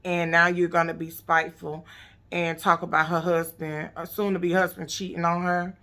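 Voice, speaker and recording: A woman's voice: on the low side, flat delivery, normal speed, fairly bright tone. A woman casually recapping a reality TV episode, blunt, profane and sassy.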